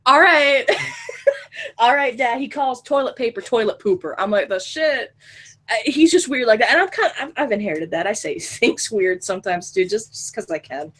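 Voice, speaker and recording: Animated young woman telling a story. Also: fairly high pitch, normal speed. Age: 20s. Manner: animated, laughs often, swears freely. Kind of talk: casual storytelling chat.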